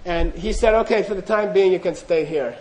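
A man's voice: sits high, fairly quick, darkish tone, poor audio. A middle-aged man telling a humorous, self-deprecating story to an audience in a loose, anecdotal way, acting out the dialogue. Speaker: speaker recounting monastery training.

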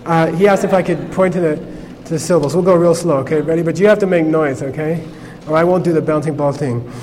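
A man with a somewhat high voice teaches a class in a loose, conversational way, often pausing to check in with his listeners. The room has long reverb and a faint hum of ambience behind him. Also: darkish tone. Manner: conversational, peppered with "okay?" checks. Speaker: Buddhist teacher. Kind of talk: informal class lecture.

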